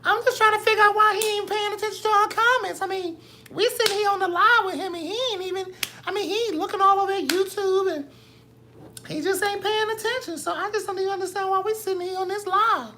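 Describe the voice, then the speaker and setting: A man voicing a whiny female viewer who complains she is being ignored, in a squeaky, nagging voice. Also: fairly even intonation, fast talker, pushed and bright, slight background noise.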